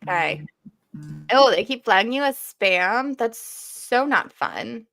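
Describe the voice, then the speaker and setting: A woman's voice: a little high, expressive, slow pace, creaky, a bit bright, faint music behind. A woman co-hosting a casual livestream, chatty, laughing and swearing easily. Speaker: co-host of a livestream.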